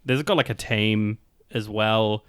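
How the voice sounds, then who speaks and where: A man's voice: lowish voice, steady tone, measured pace, fairly bright tone, clear, resonant tone, no echo, clean studio sound. A young man chatting casually as a podcast co-host, rambling with lots of fillers and frequent laughs. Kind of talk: casual chat.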